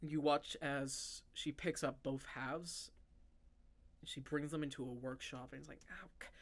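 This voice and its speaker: A game master slowly narrating a tabletop game, telling the scene dramatically with frequent restarts. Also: medium pitch, steady tone. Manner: slow, dramatic storytelling with restarts.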